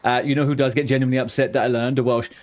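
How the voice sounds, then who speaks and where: A man's voice: mid-range voice, flat delivery, rapid-fire. A young man chatting loosely with his stream chat while gaming, rambling and swearing casually. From England.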